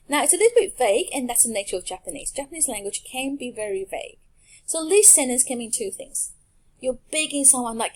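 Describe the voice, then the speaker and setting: A woman teaching a language lesson over slides, speaking clearly and patiently and pausing so learners can repeat after her. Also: high voice, lively intonation.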